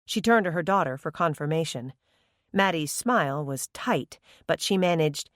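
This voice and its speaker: A woman narrating a novel in an audiobook with expressive storytelling. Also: low-pitched, moderate pace, dry recording, clean studio sound. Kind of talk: scripted narration.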